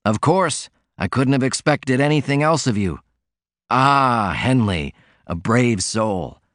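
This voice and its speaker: A man's voice: medium pitch, animated, slow, a bit bright, no echo, clean studio sound, voice pushed up. A man voicing a sickly, sardonic man with a mocking, cutting way of talking.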